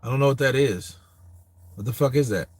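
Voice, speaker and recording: A man's voice: medium pitch, fairly quick. An American man hosting a casual boxing show, cursing often, laughing easily, and talking straight to his viewers. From United States. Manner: laughing often, loose and crude, talks to the chat. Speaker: boxing show host reading viewer comments. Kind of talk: casual profane chat.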